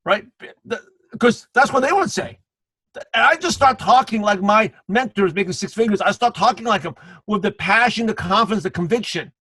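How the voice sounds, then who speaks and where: A man's voice: sits high, animated, moderate pace, bright, forceful tone, breathy edge, no room sound, low-quality recording. A man giving a motivational sales training on a live video call, calling out viewers by name and repeating punchy slogans. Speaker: guest trainer.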